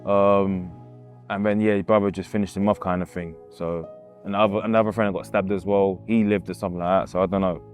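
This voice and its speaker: A man's voice: deep voice, steady tone, fairly quick, darkish tone. A man tells a painful story from his own life in a casual, loose way. He acts out the people he quotes and keeps coming back to the same words. Faint music plays behind him. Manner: casual, acts out quoted voices, repeats himself. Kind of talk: emotional personal storytelling.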